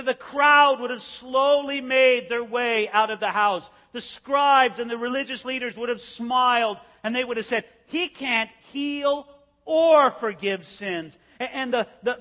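A man preaching with a high, bright voice that rings through a large hall. He tells the story vividly, stepping into each scene as he explains it. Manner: animated storytelling, acting out scenes. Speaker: pastor. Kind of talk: expository sermon.

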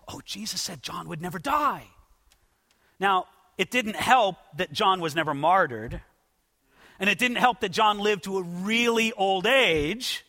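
High, bright-voiced pastor preaching in a reverberant hall. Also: male voice. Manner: emphatic, swings from loud urging to hushed intimacy. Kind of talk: sermon. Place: church sanctuary. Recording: long reverb of a large hall.

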